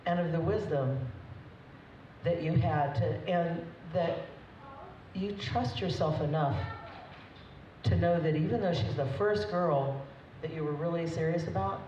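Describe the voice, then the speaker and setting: A woman's voice: sits low, a little mellow. A woman, the groom's mother, giving a chatty, emotional, unscripted wedding toast with frequent laughs. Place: wedding reception hall. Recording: echoey dull hall recording from far off, crowd noise.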